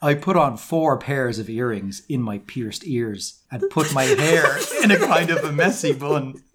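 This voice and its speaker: A man's voice: medium pitch, unhurried, noisy background. A British man, a podcast co-host, reading a fan fiction aloud and stressing its silliest lines. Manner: mock-dramatic, stressing the absurd lines.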